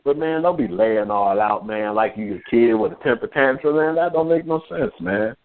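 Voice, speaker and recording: A man co-hosting a sports talk podcast, animated and joking, who laughs often and ends many lines with "man". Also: mid-range voice, moderate pace. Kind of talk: casual sports banter. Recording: tinny phone-like podcast audio.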